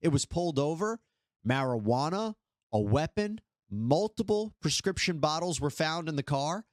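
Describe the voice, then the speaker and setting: Measured male news reporter, dry sound. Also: fairly high pitch, lively intonation, no room sound. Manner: measured, formal.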